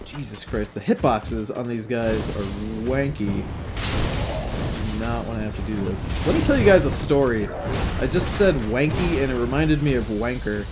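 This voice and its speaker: A man's voice: mid-range voice, lively intonation, normal speed, over loud music. A young man hosting a gameplay video, casually telling a long rambling story with plenty of swearing. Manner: profane, rambling, chatty. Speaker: let's play host.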